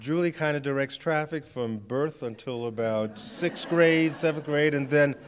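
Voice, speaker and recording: A man, a minister, welcoming a church crowd and introducing staff in an unhurried way. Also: a little high, background noise. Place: church sanctuary.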